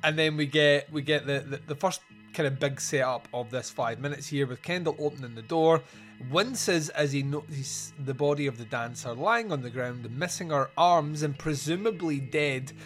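Podcast host, man, upbeat higher voice, chatty scene recaps, light laughter, faint music underneath. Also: normal speed, a bit bright. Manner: recounts scenes, laughing, quoting characters. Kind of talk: casual movie review chat.

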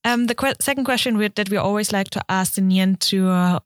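Woman, podcast co-host, encouraging, mid pitch, dry. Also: quick pace, no room sound. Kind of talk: casual podcast interview.

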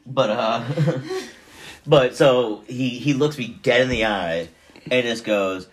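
A man's voice: mid-range voice, slow. A young man chatting casually as a podcast guest, telling stories and laughing often. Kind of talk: casual chat.

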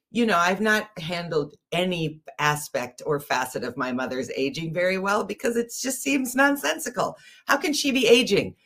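A middle-aged woman co-hosting a casual talk show, chatty and self-deprecating, also reading a story aloud. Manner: chatty, self-deprecating, animated swings in pitch. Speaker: podcast co-host.

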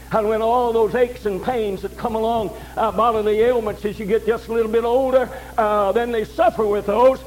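An older man delivers a sermon in a strikingly high voice. He talks in a homely, repetitive way, often asking his listeners if they follow. A faint hum sits under the recording. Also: darkish tone, poor audio. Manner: folksy, repeats phrases, asks "all right?". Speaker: preacher.

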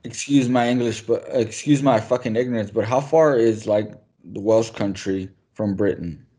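A man's voice: fairly low pitch, normal speed, dark tone, slightly rough. A man in casual podcast chat, curious and swearing casually.

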